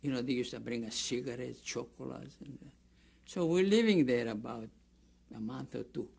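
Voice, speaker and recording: A man's voice: medium pitch, normal speed, gravelly, darkish tone, slightly rough. An older man with a Greek accent giving an oral history interview, rambling through a story with restarts and acting out the people he quotes. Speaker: interviewee, camp survivor.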